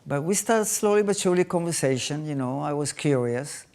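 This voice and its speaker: An older man tells his life story in English, haltingly, with many restarts and phrasing. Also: fairly high pitch, expressive, a little mellow. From Israel. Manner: halting, non-native phrasing with frequent restarts. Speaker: interviewee.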